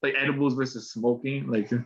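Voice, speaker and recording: A young man of Colombian roots hosts a podcast, rambling through casual chat with lots of slang and filler words. His medium-pitched voice is fairly even in intonation and a little fast, heard over muffled video call audio.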